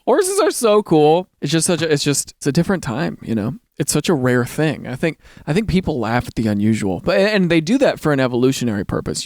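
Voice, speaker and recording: A man in his thirties casually reading online posts aloud and riffing on them with jokey, animated commentary. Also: on the high side, no room sound, clean studio sound. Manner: animated, jokey, bursts into loud mock cheering.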